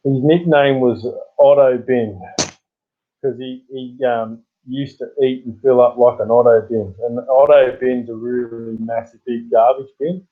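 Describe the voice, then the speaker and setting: An Australian man chats casually on a livestream, rambling through old stories and chuckling as he goes. His voice sits at an ordinary middle pitch. The sound is thin and tinny, like a phone line. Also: fairly even intonation, a little slow. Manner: rambling storyteller who chuckles often. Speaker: livestream host. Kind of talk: casual live-stream chat.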